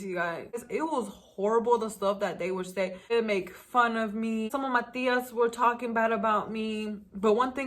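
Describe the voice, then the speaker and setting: A woman's voice: a little high, normal speed, few pauses, fairly bright tone. A young woman from the United States telling a personal story in a casual storytime vlog. She is emotional and talks straight to her viewers. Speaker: vlogger.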